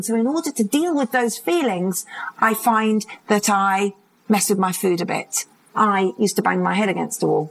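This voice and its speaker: A woman's voice: medium pitch, poor audio. A woman addiction expert giving a live conference talk, telling stories and acting out the voices of people in them. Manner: vivid storytelling, acts out quoted voices. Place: conference hall, live audience.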